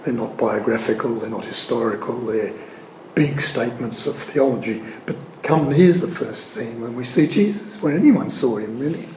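An earnest male preacher teaches on scripture in a measured voice of ordinary pitch, pressing on key words and pausing between phrases. His voice rings around a roomy, echoing space. A faint hum of ambience sits underneath. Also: darkish tone. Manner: earnest and emphatic, leaning hard on key words, pausing often. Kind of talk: sermon-style teaching talk. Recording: echoey room.

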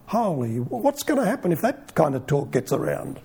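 A man giving an informal Bible teaching in a conversational way, full of rhetorical questions and lively asides. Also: high-pitched, fast talker, husky.

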